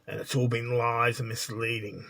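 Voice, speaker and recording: A man's voice: mid-range voice, flat delivery, moderate pace, gravelly, bright, forceful tone. Blunt lecturing man. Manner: blunt, lecturing, repeats "right?". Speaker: spiritual teacher. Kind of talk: spiritual monologue.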